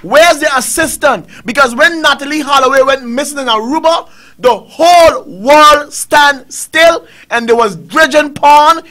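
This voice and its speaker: A man's voice: very high-pitched, a little slow, bright, forceful tone. A middle-aged man, hosting a talk show and ranting angrily, firing off one rhetorical question after another. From Caribbean. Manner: angry, preaching, rhetorical questions. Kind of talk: impassioned commentary.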